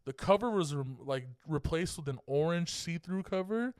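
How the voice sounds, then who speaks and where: Chatting casually as a podcast co-host, a young Californian man spins a rambling, profanity-laced tale and laughs while talking. His voice is on the high side and a little mellow, with lively intonation and a moderate pace, recorded cleanly in a studio with no echo.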